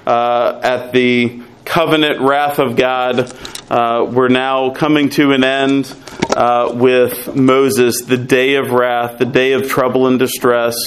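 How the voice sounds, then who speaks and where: A man teaching through a Bible passage, pausing often with fillers and reading scripture aloud. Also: mid-range voice, level tone, a little hiss or hum, rough recording. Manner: measured, frequent "uh" fillers, reads scripture aloud. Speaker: pastor teaching a Bible study.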